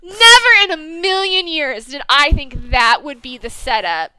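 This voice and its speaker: A woman co-hosting a casual chat, gushing and animated, swearing for emphasis. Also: high voice, unhurried, no echo. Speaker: podcast co-host. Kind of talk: casual chat, fan recap.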